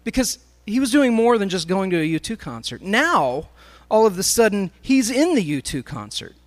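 A man's voice: high voice, big pitch swings, normal speed. A man speaking to a live congregation, telling a story in a sermon as he addresses the crowd directly.

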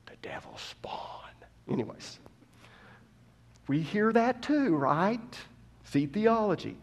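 Impassioned man preaching a sermon. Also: a little high. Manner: builds from quiet teaching to loud, impassioned preaching; asks the congregation questions.

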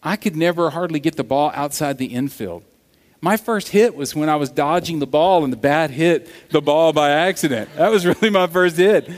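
A pastor with a higher-than-average voice preaches a sermon at a moderate pace. The recording carries the long reverb of a large hall. He tells stories animatedly, swinging between loud and hushed.

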